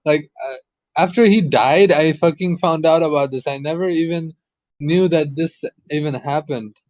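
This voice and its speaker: A young man chats on a podcast, cursing freely and breaking into laughter as he tells a story. His voice sits a bit high for a man. The sound is dry and close, with no room around it. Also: normal speed, no echo. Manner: swears a lot, laughs while telling a story. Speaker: podcast co-host. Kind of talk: casual chat.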